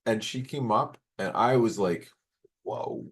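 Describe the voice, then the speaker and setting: A man's voice: on the low side, moderate pace. Candid rambling middle-aged man. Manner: candid, rambling, emotional, swears freely. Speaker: podcast co-host. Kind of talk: casual storytelling chat.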